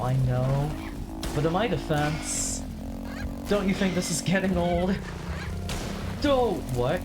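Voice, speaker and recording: A woman giving casual gameplay commentary as a streamer, swearing and making sarcastic asides between frustrated outbursts. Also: sits low. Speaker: gaming streamer.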